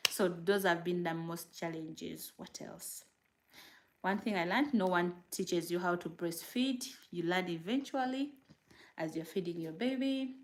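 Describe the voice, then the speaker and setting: A woman from Uganda, chatting casually on a livestream as a new mother, rambling and animated while reading viewer comments. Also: medium pitch.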